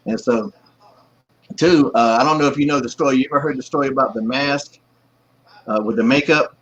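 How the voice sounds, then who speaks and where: A man's voice: medium pitch, brisk. A man in his forties telling stories as an interview guest, acting out the people he quotes, talking on a video call from home. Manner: lively storyteller who acts out quotes. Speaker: guest, pro wrestler. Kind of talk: casual anecdote in an interview. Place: at home, kids and pet nearby. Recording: slightly muffled, husky lo-fi audio.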